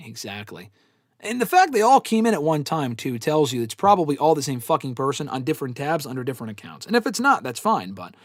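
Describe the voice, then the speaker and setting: A man's voice: medium pitch, no echo, studio quality. A man hosting a live fan Q&A, talking bluntly with plenty of swearing and rambling opinions. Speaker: host answering fan questions. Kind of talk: live casual Q&A stream.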